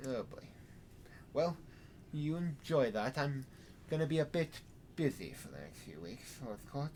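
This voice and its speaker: A man's voice: mid-range voice, very animated, unhurried, a little mellow, slight background noise. Guy playing a guarded vampire sire, dry short answers. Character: wary male vampire sire, proud and guarded.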